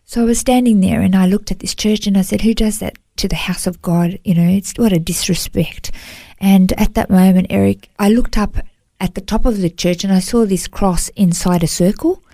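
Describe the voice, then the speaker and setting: Gravelly-voiced woman telling her story. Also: mid-range voice, moderate pace, warm tone, no room sound, clean studio sound. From Australia. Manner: earnest, emotional, many "you know" fillers. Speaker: guest. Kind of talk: personal testimony in an interview.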